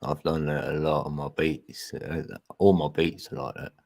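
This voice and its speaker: A man's voice: rumbling low, level tone, moderate pace, vocal fry, darkish tone. A man chatting casually as a guest on a livestream, laid-back, trailing off and chuckling. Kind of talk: casual chat.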